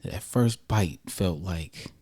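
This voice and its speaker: Deep-voiced man telling a story. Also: slow, slightly rough. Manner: relaxed, conversational, slangy retelling. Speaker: vlogger telling a personal story. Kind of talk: casual storytime.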